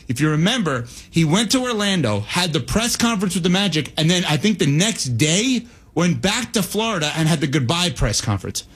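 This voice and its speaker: A man hosting sports radio talk, animated and talkative, out of breath and dropping into quoted asides. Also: sits high, a little fast, few pauses, breathy edge.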